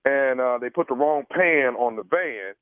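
A man's voice: mid-range voice, unhurried, crowd noise. A man making a prank phone call as a radio host, talking in a hesitant, rambling, apologetic way. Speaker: radio prank caller posing as caterer. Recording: tinny dry phone line.

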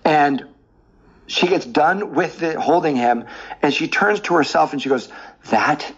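A man being interviewed as a dating coach, explaining with lively stories and examples. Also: on the high side, unhurried, slightly rough, dull audio. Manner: animated storyteller, explains with examples. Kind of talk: podcast interview.

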